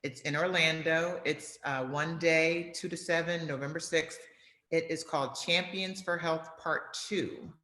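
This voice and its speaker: A woman's voice: low voice, fairly even intonation, a little slow, sharp tone. Emphatic woman in a roomy room. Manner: emphatic, repeats key phrases for effect. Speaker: guest. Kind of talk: casual video interview. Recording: roomy echoey sound.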